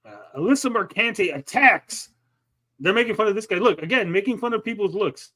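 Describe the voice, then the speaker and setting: A man with a fairly high voice riffs through a livestream in loose, profane banter. He mocks freely and keeps tacking "bud" onto his lines, his tone one of easy trash talk. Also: animated, brisk, sharp tone. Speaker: livestream co-host. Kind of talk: crude casual banter on a stream.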